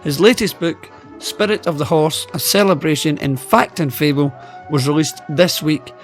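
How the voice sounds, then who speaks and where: A man's voice: on the high side, normal speed, faint music behind. A man with a Scottish accent hosting a radio interview, moving from a scripted introduction into light banter. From Scotland. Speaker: radio host.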